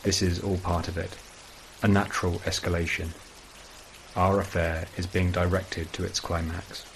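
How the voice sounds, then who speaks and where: A man reading a first-person horror story as scripted narration, in a measured, brooding way. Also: low voice, little pitch movement, fairly bright tone, a little hiss or hum, low-quality recording.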